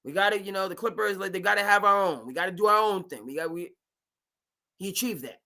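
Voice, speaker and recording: A man hosting a live sports talk stream, talking in an animated, emphatic way and now and then mimicking team owners. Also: high-pitched, quick pace, vocal fry.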